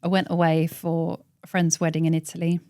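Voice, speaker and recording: Chatty woman, low and dry. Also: monotone, fairly quick, warm tone, no room sound. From England. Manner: chatty, laughs often, acts out quoted voices. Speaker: podcast host and tailoring business owner. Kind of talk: casual interview chat. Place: office.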